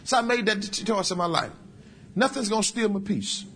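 Folksy preaching man, somewhat high voice. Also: a little fast, a bit bright, a little hiss or hum. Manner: humorous, folksy preaching with acted asides. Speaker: pastor. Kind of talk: sermon.

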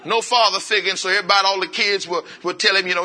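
High bright-voiced man preaching to a crowd. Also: steady tone. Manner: coaxing call-and-response, drawing answers from the room; repeats phrases in quick bursts. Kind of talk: interactive sermon demonstration. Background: congregation voices and laughter.

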